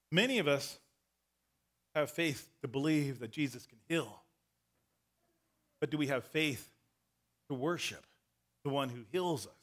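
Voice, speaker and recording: A man preaching a sermon as pastor, animated, acting out the story and sometimes shouting. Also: medium pitch.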